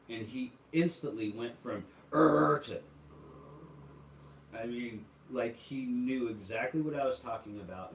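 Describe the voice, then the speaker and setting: Low-voiced man in an echoey room. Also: darkish tone, far from the mic, slight background noise. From United States. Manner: rambling storytelling with many fillers. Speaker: livestream host. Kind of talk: casual chat reading viewer comments.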